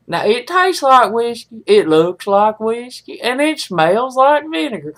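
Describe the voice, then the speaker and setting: Woman host, unhurried, folksy joking patter. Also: sing-song. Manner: folksy, joking sales pitch. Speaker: live show host. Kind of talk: casual live-stream chat.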